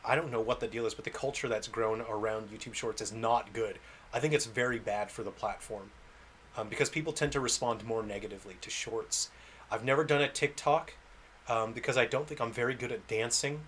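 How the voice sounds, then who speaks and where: Chatting with his stream audience about life as a game developer, he wanders from point to point, pokes fun at himself and laughs often. The everyday mid-pitched voice is a bit bright and a little fast, with slight noise in the background.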